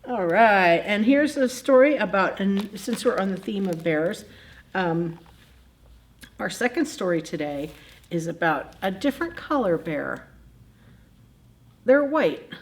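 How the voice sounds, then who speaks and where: At story time in a public library, a children's librarian reads picture books and chats animatedly with the kids, often laughing. Her medium-pitched voice is animated and her pace is measured.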